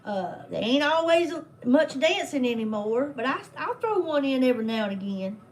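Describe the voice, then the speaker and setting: A woman's voice: sits high, sing-song, normal speed, slight background noise, rough recording. An older woman, hosting a casual livestream in a rambling, heartfelt way with folksy religious phrasing. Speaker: livestream host.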